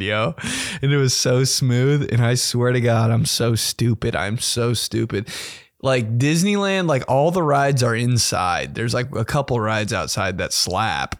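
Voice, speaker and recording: A young podcast host with a medium-pitched, slightly bright voice tells a story in a casual, profane, slangy way, laughing often. The studio-quality recording has no room sound.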